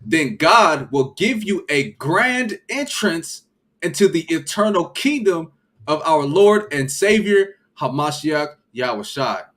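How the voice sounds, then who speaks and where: A man in a relaxed, slangy scripture discussion on a livestream, often restarting his sentences. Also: fairly high pitch, slow pace.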